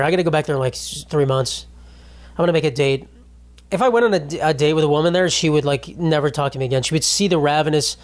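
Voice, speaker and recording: Profane, rambling young man podcaster. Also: on the high side. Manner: profane, rambling, bro-speak. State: dry throat. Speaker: podcast host. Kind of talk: casual comedic monologue; read sponsor ad.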